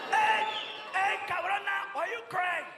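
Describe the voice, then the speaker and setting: A man's voice: very high-pitched, fairly even intonation, a little slow, recorded from a distance, over music, voice pushed up. A man impersonating a brash teasing Latino comic. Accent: Mexican-American. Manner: mocking, sing-song, sprinkled with Spanish. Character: brash Latino male comedian, teasing and crude. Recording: live hall with loud crowd.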